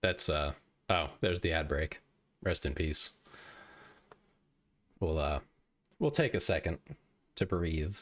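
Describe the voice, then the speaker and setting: A man's voice: rumbling low, slow pace, long pauses, a bit bright. A young man streaming live, chatting casually with viewers in a joking, self-deprecating way.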